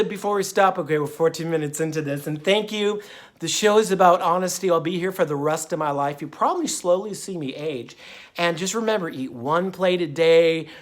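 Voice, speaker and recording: A man hosting his own diet vlog, talking in a folksy, meandering way full of fillers and drifting off topic. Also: on the high side. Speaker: vlogger and diet channel host. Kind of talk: rambling casual monologue.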